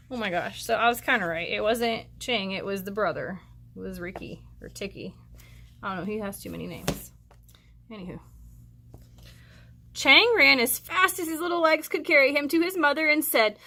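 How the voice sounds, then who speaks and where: A woman teacher reads a storybook aloud to children at a moderate pace, pausing for chatty, encouraging asides. Her high voice is bright and forceful, with lively intonation.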